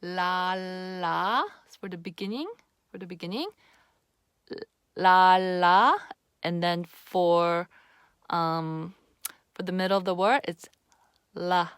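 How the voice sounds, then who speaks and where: Woman, casual pronunciation teacher, patient and slow-spoken, dry close sound. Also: on the low side, smooth, dry recording. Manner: patient, repeats sounds slowly for the viewer. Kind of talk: casual on-camera pronunciation lesson.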